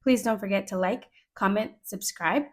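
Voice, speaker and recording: A woman talks casually to camera as a budgeting vlogger, chatty and a little sarcastic. Her voice sits at a middle pitch as she counts bills aloud at an easy pace. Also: normal speed, rough recording. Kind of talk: casual chat to camera while counting cash.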